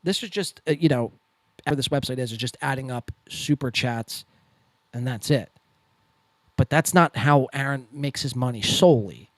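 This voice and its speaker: A man's voice: medium pitch, moderate pace, dry recording. A man hosting a podcast, giving casual, profane and sarcastic commentary on clips, often stumbling and restarting his sentences. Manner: sarcastic, mocking, lively delivery. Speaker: podcast host reacting to clips.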